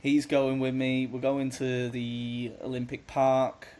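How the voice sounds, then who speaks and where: An English man co-hosting a sports podcast, chatting casually in an excitable, gushing way. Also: medium pitch, takes it slowly, clean tone. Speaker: podcast co-host. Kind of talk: casual chat.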